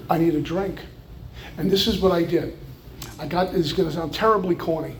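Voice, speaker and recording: A man's voice: a little high, moderate pace, slight background noise. A man from New York with a New York accent, giving an earnest personal recovery testimony with flashes of wry humor. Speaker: recovery speaker.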